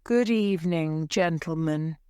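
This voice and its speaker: A bold masked swordsman from a storybook, confident and stern, as a woman reads him. The voice is smooth and clear, close to the mic. He speaks without hurry. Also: sits low, a little slow, mellow, dry recording. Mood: commanding. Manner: confident, commanding.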